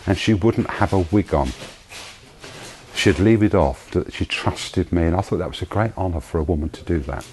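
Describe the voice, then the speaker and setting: A man sharing a personal testimony in a slow, emotional storytelling manner. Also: sits low, a little mellow, a little hiss or hum, rough recording. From United Kingdom. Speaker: charity founder giving testimony.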